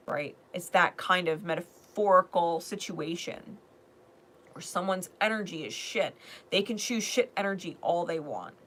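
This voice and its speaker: A woman giving a spiritual card reading in a blunt, profane manner, swinging between loud emphasis and hushed asides. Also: lowish voice, lively intonation, measured pace, long pauses, slight background noise. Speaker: tarot reader.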